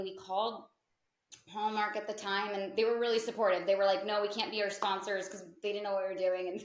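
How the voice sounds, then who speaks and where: A woman in her thirties chats her way through a story as a podcast guest. She fills her talk with "like" and jumps into quoted voices. Her voice sits in a middle pitch and carries an echoey room sound. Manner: chatty, peppered with "like" and lively quoted asides. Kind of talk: casual storytelling in an interview.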